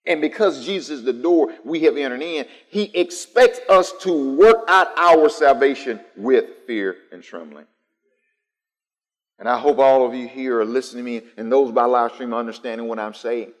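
A man's voice: mid-range voice, normal speed. A man preaching a sermon to a live congregation, building through emphatic repetition. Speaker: pastor. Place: church sanctuary, live-streamed. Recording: long church reverb.

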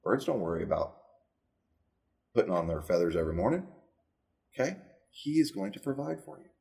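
A man's voice: low voice, sing-song, fairly quick, gravelly, a little mellow, husky. A man preaching a conversational sermon, reading scripture aloud and often checking in with "okay?".

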